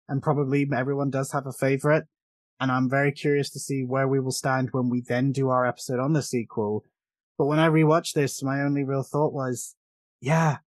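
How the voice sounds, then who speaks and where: A British man hosting a podcast, talking casually about a film with quick asides and frequent laughs. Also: mid-range voice, no echo. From Britain. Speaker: podcast host.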